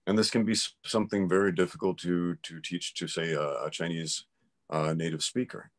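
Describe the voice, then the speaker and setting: A man with a notably low, deep voice talks through his views in a relaxed interview. He explains emphatically and firmly, sounding like someone holding strong opinions. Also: normal speed. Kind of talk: casual conversation.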